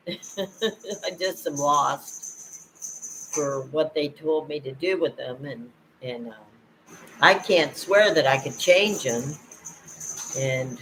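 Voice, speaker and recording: An older woman talking casually to camera at home, rambling and halting, with frequent laughs. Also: sits low, slight background noise, poor audio. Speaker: vlogger. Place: at home, indoors.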